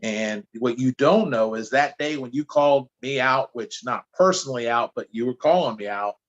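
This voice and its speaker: In a muffled recording, a medium-pitched man speaking at normal speed tells casual stories. He's a New Jersey podcast guest and anti-drug speaker, animated and chatty with stumbling restarts.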